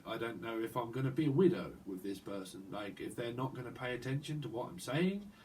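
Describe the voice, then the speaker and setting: Guy rambling through a tarot reading, mid pitch, bit far from the mic, faint hiss. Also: darkish tone. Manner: rambling, free-associating, many "like" and "right?" tags. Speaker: tarot reader.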